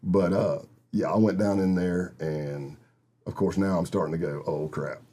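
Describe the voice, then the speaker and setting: A middle-aged man tells vivid stories as an interview guest, acting out the people in them. His voice is low and husky. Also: fairly even intonation, normal speed, warm tone. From Texas. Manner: vivid storyteller who acts out other people's lines. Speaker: guest, retired FBI agent. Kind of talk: casual storytelling interview.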